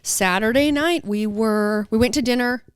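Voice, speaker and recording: A woman co-hosting a podcast tells a funny story in a casual chat. Her voice is smooth and clear, recorded close and dry. She acts out the quotes as she goes. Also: fairly high pitch, normal speed, no echo. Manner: says "dude" and "like" a lot. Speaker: podcast co-host.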